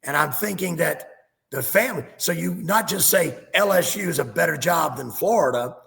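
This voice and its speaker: A man's voice: fairly high pitch, animated, moderate pace, creaky, a bit bright. A man co-hosting casual sports talk, ranting and sarcastic, recorded with a reverberant room sound.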